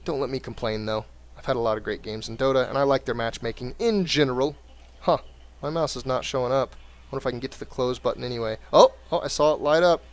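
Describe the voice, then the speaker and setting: A man's voice: mid-range voice, fast talker. A man giving wry, chatty play-by-play commentary on a game replay from his computer at home. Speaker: game caster.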